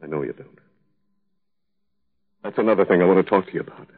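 A man's voice: deep voice, brisk, slightly rough. An actor playing a grieving young husband in a 1950s radio drama, earnest and tender as he pleads with his wife. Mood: urging. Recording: tinny old radio broadcast.

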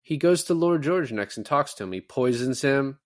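A man's voice: mid-range voice, moderate pace, dry recording, studio quality. A man co-hosting a casual movie podcast, rambling and acting out lines from scenes. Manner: rambling, quotes movie lines in lively put-on voices. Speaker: podcast co-host.

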